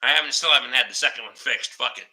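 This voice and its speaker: A man's voice: mid-range voice, very fast, pushed and bright, poor audio. A man telling rambling shop stories in casual podcast chat, swearing constantly and laughing as he goes. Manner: laughs through his stories. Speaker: podcast host.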